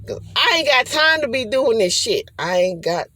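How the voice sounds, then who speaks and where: A woman's voice: on the high side, big pitch swings, moderate pace, bright, forceful tone, no room sound. A woman talking straight to the camera in a rambling spiritual vlog, swearing freely and often slipping into acted quotes. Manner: profane, rambling, acts out quotes. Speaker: spiritual vlogger. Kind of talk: casual rambling monologue.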